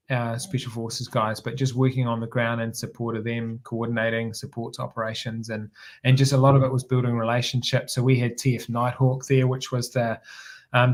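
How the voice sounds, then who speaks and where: A man with a New Zealand accent tells stories in casual talk, his voice sitting in an ordinary middle pitch. He rambles easily and trips over his words, restarting phrases and doubling them up as he goes. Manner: relaxed, rambling, frequent restarts and repeated words. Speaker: podcast guest, former air force helicopter pilot. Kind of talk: casual storytelling interview.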